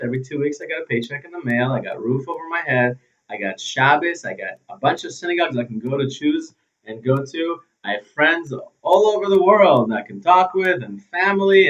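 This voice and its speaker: A man hosting a motivational self-help video, talking straight to his viewers in an animated way, losing his thread now and then and swinging between loud and quiet. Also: on the high side. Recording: slightly distant, dull sound.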